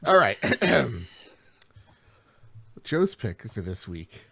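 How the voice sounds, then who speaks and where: A man's voice: mid-range voice, sing-song, extremely slow, creaky, pushed and bright, husky, no echo. A man co-hosting a podcast in casual banter. He jokes and teases, and he runs the segments. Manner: joking, teasing, runs the segments. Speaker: podcast co-host.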